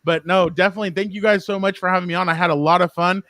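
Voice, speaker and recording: High-voiced, chatty man on a podcast. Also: fairly even intonation, racing, pushed and bright, dry recording. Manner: enthusiastic, chatty, with many fillers and restarts. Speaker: podcast guest, sports beat writer. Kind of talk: casual chat.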